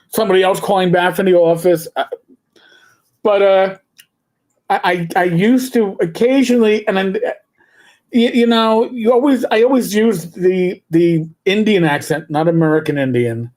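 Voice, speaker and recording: A man's voice: sits high, normal speed, a little mellow. A middle-aged man from New City, co-hosting a casual livestream chat, rambling and stammering through stories. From New York City. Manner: rambling storyteller, stammers and restarts, slips into put-on voices. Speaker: podcast co-host.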